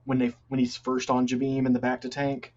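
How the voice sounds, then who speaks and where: A man's voice: mid-range voice, monotone, fairly quick, darkish tone. A man co-hosting a podcast in casual chat, giving thoughtful, rambling opinions over a lo-fi recording. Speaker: podcast co-host.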